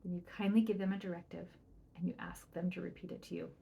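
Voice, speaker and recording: A woman's voice: fairly low pitch, fairly even intonation, fast, vocal fry, slight background noise. A middle-aged woman hosting a parenting podcast, giving advice in a chatty, upbeat way and often asking "right?". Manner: chatty, upbeat, keeps asking "right?", acts out soft quoted lines. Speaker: parenting coach and podcast host.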